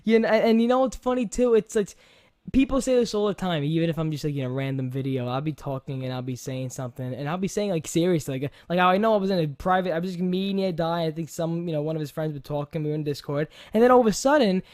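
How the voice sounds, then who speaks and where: Rambling New York man, higher voice. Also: fast, no room sound, clean studio sound. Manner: animated, rambling, laughs often. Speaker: podcast host. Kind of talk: casual chat.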